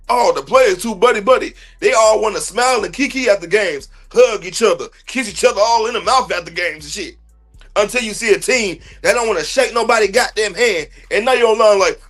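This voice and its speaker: A man's voice: high voice, a little fast, a bit bright, soft background music. A man hosting a sports podcast livestream, ranting bluntly and profanely in heavy slang. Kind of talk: heated livestream sports rant.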